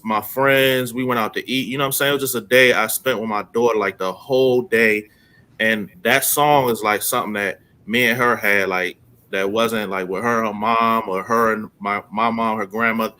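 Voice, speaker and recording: A man, a father, chatting casually on a podcast in a loose, halting way full of fillers. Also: on the low side, fairly even intonation, sharp tone.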